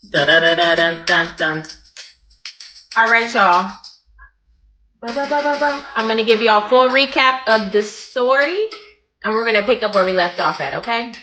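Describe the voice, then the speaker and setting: A woman hosting a livestream, giving her viewers a rapid, animated gossip recap and greeting them between sentences. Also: on the high side, roomy sound, slight background noise. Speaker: livestream host.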